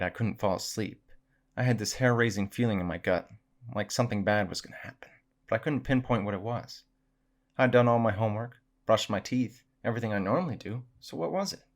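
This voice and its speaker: Low-voiced man reading spooky tales. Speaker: storyteller. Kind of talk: reading horror stories aloud.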